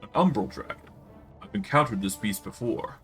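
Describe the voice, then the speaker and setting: A man's voice: on the low side, animated, moderate pace, a bit bright, soft background music. A man voicing a skeptical hero character in a video game, asking blunt questions dryly.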